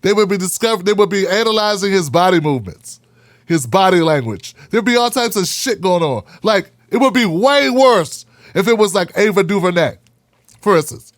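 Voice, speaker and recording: Brief: male host, sarcastic commentary, high voice, dry close sound. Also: moderate pace, dry recording. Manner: sarcastic, animated, rhetorical questions. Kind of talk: political commentary monologue.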